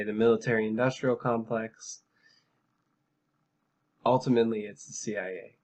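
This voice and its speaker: A man's voice: on the low side, darkish tone. Heated man ranting over a news story. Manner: emphatic, heated, with frequent fillers and repeated phrases. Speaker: political commentary vlogger. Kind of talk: ranting commentary on a news article.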